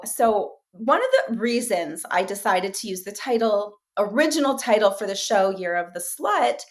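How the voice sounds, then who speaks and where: A woman who works as an actress and writer talks in a casual interview, animated and chatty with plenty of fillers and quick asides. Her voice is medium in pitch.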